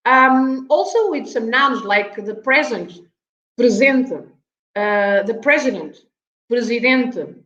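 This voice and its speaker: Woman teaching grammar, lots of ums, unhurried, roomy lo-fi video call sound. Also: fairly high pitch, expressive, pushed and bright. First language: Portuguese. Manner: patient, many fillers, checks in with "right?", light laughs. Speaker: language teacher guest. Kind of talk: explaining grammar on an online show. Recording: echoey, dull lo-fi video call audio.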